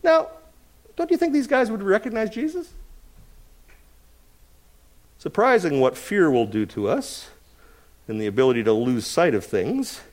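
A middle-aged man preaching an expository sermon, swinging between loud emphasis and quiet asides. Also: high-pitched, big pitch swings, measured pace, pauses often. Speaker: pastor.

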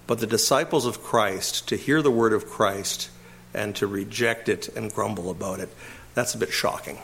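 A man's voice: fairly low pitch, normal speed, fairly bright tone, slightly rough. A man preaching an expository sermon, emphatic and full of rhetorical questions. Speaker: pastor.

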